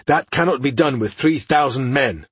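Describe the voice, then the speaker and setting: A man voicing a commanding, impatient old male elf who gives curt, contemptuous orders in a husky voice. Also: mid-range voice, normal speed, a bit bright, no room sound.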